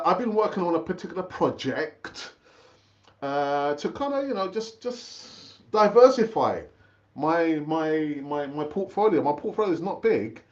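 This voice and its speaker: A chatty man with a high-ish voice hosts a football fan channel's live stream in casual chat. He repeats himself and calls viewers brother. The audio's highs are cut off.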